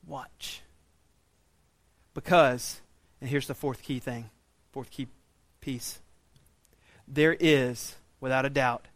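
A man's voice: medium pitch, no echo. Impassioned man preaching. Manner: swings from quiet intensity to loud, raised pleading. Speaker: pastor. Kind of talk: sermon. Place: church sanctuary.

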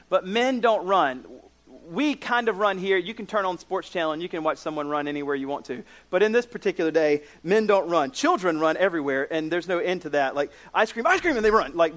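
A man in his forties preaching a sermon, telling stories with jokes and side notes. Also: high voice. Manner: lively storytelling with jokes and asides. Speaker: pastor.

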